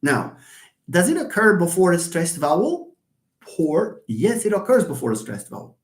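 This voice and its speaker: A male lecturer walks through an idea, asking himself questions and answering them at once. His pitch rises and falls in a lively way, and words often repeat while he thinks aloud. The voice rings in a roomy, echoey space. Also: normal speed. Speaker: university lecturer. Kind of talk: live lecture. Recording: roomy echo.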